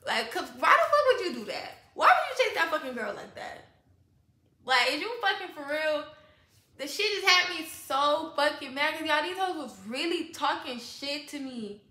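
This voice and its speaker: A young woman, telling a profane, animated storytime and acting out quoted voices. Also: sits high, moderate pace, echoey room. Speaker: vlogger.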